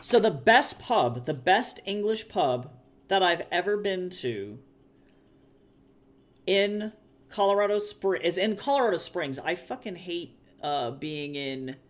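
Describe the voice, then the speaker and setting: A man from the US with a high-pitched voice chats loosely with his stream viewers. He reacts to chat and swears freely. Keyboard typing is heard behind him. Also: animated, slow. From United States. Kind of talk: casual livestream chat with viewers.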